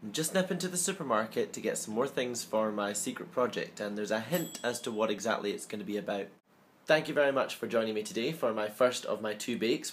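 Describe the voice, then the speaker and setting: A man's voice: lowish voice, a little hiss or hum. Chatty, self-mocking male home baker. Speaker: home-baking vlogger. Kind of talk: casual baking vlog chat. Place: home kitchen.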